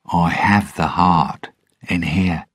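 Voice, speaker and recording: A man's voice: lowish voice, sing-song, a little slow, slightly rough, no echo, clean studio sound, pitched above the performer's own voice, full character voice. A man voicing a cocky, carefree male pirate captain, playful and teasing, in a storybook reading.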